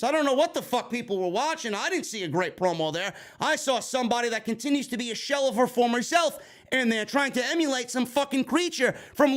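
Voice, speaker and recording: A man's voice: very high-pitched, fairly bright tone. A man reviewing a wrestling show in an angry, sarcastic rant full of swearing. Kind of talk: profane ranting show review.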